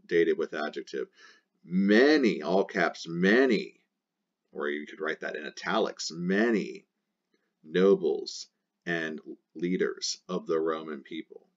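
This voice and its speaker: A man's voice: sits low, a little mellow, lo-fi sound. A man teaching a Latin lesson, explaining step by step with frequent hesitations and sudden bursts of emphasis.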